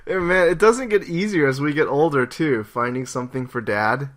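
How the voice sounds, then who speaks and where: A man's voice: on the high side, moderate pace, fairly bright tone. A young adult man co-hosting a podcast, chatting casually, upbeat and teasing, laughing often. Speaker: podcast co-host. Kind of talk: casual chat.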